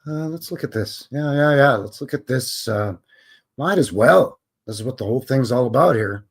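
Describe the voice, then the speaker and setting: A man's voice: mid-range voice, expressive, normal speed, breathy edge. A man from Canada hosting a casual live stream, rambling and joking with his chat. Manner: rambling, jokey, chuckles to himself. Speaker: livestream host.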